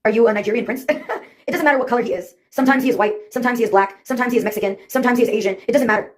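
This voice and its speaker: A woman in her fifties tells stories in a quick, brisk monologue with a slightly high voice. She is wry and sarcastic, often laughing at her own anecdotes. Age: 50s. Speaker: vlogger. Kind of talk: casual storytelling monologue.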